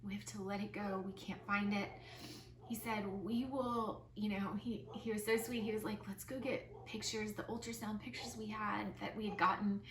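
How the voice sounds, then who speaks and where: A young woman vlogger telling a personal story in a soft, tearful voice, with lots of filler words. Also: mid-range voice, fairly even intonation, normal speed, a crowd in the background. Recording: roomy, slightly distant mic with soft music.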